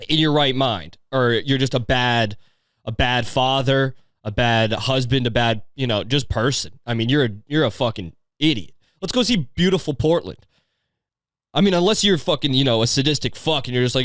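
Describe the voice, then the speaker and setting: A man's voice: mid-range voice, animated, normal speed, a bit bright, no room sound, studio quality. A man hosting a podcast, riffing on a video in rambling, profane, sardonic casual commentary. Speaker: podcast host.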